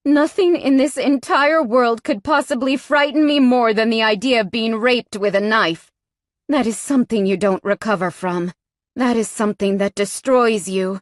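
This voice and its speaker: A woman's voice: fairly high pitch, normal speed, no echo. A woman narrating a first-person audiobook in a tense, frightened tone, recorded close on a studio mic.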